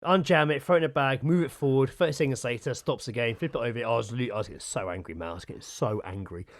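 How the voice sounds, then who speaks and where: Male co-host, mid pitch, sweary and animated storyteller, dry close mic. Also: fast talker, dry recording. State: sore from gardening. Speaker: podcast co-host. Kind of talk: casual chat.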